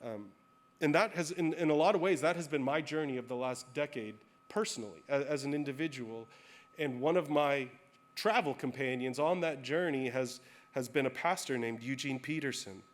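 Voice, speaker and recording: A man's voice: medium pitch, moderate pace. Man preaching a candid, storytelling sermon. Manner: storytelling, candid and self-deprecating. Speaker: pastor.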